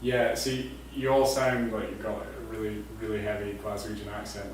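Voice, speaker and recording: A man in a relaxed livestream chat, joking easily. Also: lowish voice, moderate pace, very noisy. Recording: echoey room, distant mic, chatter behind.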